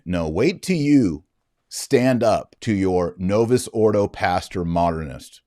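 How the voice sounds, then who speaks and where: A middle-aged man with a deep, low voice hosts a casual podcast monologue. He tells his story in an animated way and acts out the voices of the people in it. The sound is dry and close to the mic. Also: slow pace, no room sound. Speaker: podcast host.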